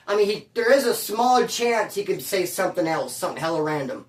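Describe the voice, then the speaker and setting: A man's voice: high-pitched, expressive, quick pace, few pauses, distant mic. Slangy man storyteller, roomy sound. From California. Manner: slangy, streetwise, peppers talk with bro and dude. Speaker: former prisoner telling stories. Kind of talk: casual storytelling monologue.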